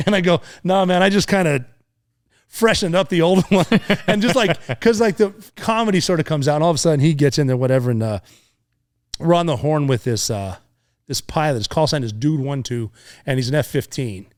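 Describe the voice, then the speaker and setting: A middle-aged man with a slightly raised pitch spins a combat story in casual podcast talk. He swears freely, mimics gunfire and other men's shouts, and drifts between tension and dry humor. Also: a little fast. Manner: animated war storyteller, profane, acts out voices and sounds, laughs often. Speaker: podcast guest, former Navy SEAL.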